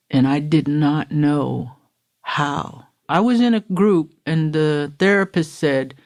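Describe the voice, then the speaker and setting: A middle-aged woman from Florida, USA, speaks in a low, darkish voice. As a podcast guest, she gives an earnest, emotional testimony about her personal recovery, acting out the quotes she retells.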